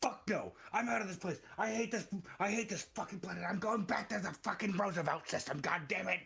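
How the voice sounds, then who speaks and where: A man voicing an indignant, foul-mouthed young man who has been tricked, pushing his voice higher than his own as he swears through his outbursts. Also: animated, normal speed, gravelly, sharp tone, faint music behind, heavily acted. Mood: furious.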